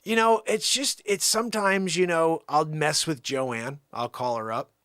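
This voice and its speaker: A man's voice: a little high, measured pace, fairly bright tone, dry recording, clean studio sound. A man hosting a live stream, talking in a rambling, sarcastic, jokey way. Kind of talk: casual live-stream banter.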